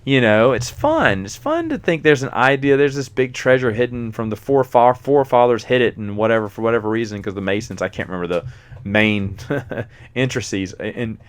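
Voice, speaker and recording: A man's voice: mid-range voice, lively intonation, brisk, smooth. A man, casually reviewing movies as a host, rambling and often forgetting names.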